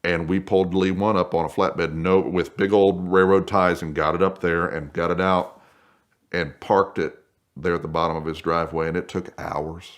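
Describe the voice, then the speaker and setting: A man telling a casual anecdote in a lively way. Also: sits low, moderate pace. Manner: animated, acts out voices in quotes. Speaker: guest storyteller.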